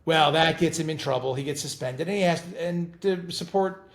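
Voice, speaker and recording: A middle-aged man chatting as an interview guest, telling animated stories and often repeating words as he talks. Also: on the high side, normal speed, gravelly. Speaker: guest actor. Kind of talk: casual interview chat.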